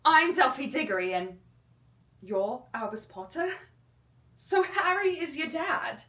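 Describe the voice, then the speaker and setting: A woman's voice: sits high, expressive, unhurried, reverberant, voice pushed up, exaggerated voice. A woman voicing a cheery young British woman, reading audition lines in a put-on British accent. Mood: chirpy. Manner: bright, chirpy line reading.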